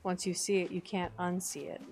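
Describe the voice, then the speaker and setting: A woman's voice: on the low side, steady tone, normal speed, darkish tone. A woman streaming a game, chatting casually and gushing over her decorating, squealing when something looks cute.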